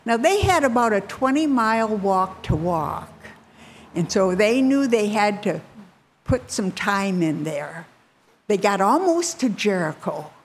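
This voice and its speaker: A woman retelling a Bible story to listeners, bringing the quoted characters to life with lively shifts in her voice. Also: breathy edge. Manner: animated, voices characters with rising pitch.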